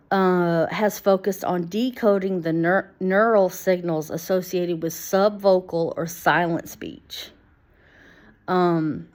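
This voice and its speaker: A woman talking to camera in a halting, rambling way, full of fillers and restarts, and reading passages from screenshots aloud. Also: mid-range voice, a little mellow. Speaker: vlogger.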